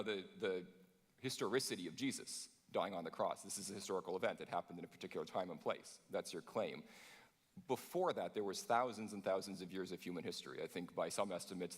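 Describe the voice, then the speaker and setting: A man with a very low voice challenges his opponent at a live debate. He asks his questions in quick, uneven bursts. The sound carries the long reverb of a large hall. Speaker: humanist debater. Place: large conference hall on stage.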